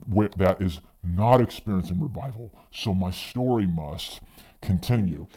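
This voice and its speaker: A man preaching a sermon voices God as a calm, compassionate male deity who speaks slowly and steadily. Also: sits low, slightly rough, pitched below the performer's own voice, heavily acted. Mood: calm, reassuring.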